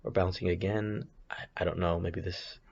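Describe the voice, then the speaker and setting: A man's voice: deep voice, level tone, moderate pace, gravelly, darkish tone, breathy edge, muffled recording. A man thinking aloud while commenting on his trading charts, hesitant and rambling with frequent restarts. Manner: hesitant, rambling, many restarts and self-corrections. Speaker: options trader streaming his chart analysis.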